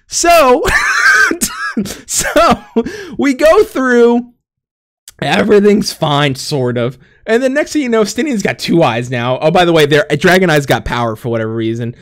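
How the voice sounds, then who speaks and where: Casting: young man, high and very lively voice, rambling profane storytelling with lots of laughing, slightly winded. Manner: rambling, profane, laughing often, acts out characters. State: out of breath. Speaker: podcast co-host recapping a game story. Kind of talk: casual chat.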